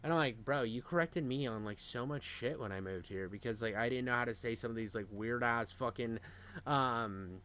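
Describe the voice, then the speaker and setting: Nevada guy just chatting, rambly, swears a lot, says dude nonstop, average pitch. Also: moderate pace, fairly bright tone, smooth. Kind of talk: casual chat.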